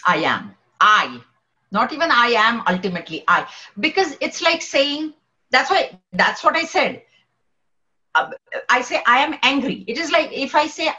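Woman teaching a group, fairly high voice, animated and repeating herself, dull lo-fi sound. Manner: animated, questioning, repeats phrases to make a point. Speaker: spiritual teacher. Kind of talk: teaching philosophy in a group class.

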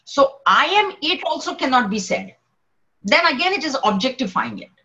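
A woman teaching philosophy to a group, animated and questioning, repeating phrases to drive her point home. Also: sits high, normal speed, muffled recording. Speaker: spiritual teacher.

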